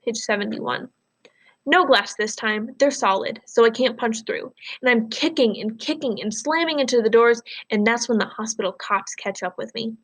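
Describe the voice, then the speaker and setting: Teacher reading a novel aloud. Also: female voice, fairly high pitch, normal speed, fairly bright tone. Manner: explains words and asks the class questions between passages.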